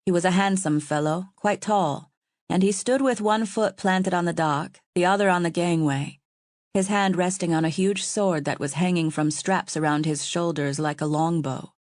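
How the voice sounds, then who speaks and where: A woman reads an audiobook in a calm, even way. Her voice sits a little low, and the recording is dry and close. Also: normal speed, dry recording. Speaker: audiobook narrator. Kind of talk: scripted narration.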